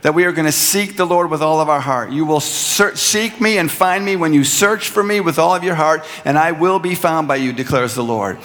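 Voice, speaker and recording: A pastor delivers his sermon in an earnest manner, pressing home his points with repeated lines. His voice sits a little high for a man. A long reverb from the church hall trails behind each phrase. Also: moderate pace, few pauses, a bit bright. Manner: earnest preaching, builds to emphatic repeated lines. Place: church sanctuary.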